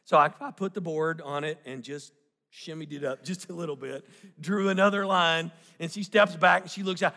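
A man's voice: fairly high pitch, normal speed, vocal fry, bright, forceful tone. A middle-aged man preaching a sermon, telling a family story and often asking the congregation questions. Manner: storytelling with audience questions and jokes. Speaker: pastor. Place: church sanctuary. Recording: long hall reverb.

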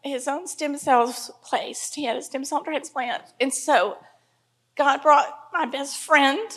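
A woman with a high voice gives her testimony in church. She is crying, and her words come out halting and emotional. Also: a bit bright. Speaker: congregation member giving testimony.

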